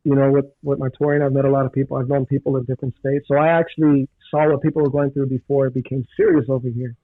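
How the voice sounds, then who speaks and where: A man's voice: medium pitch, little pitch movement, quick pace, dry recording. A man guesting on a podcast, talking earnestly in a casual chat. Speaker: guest rapper. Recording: tinny phone line.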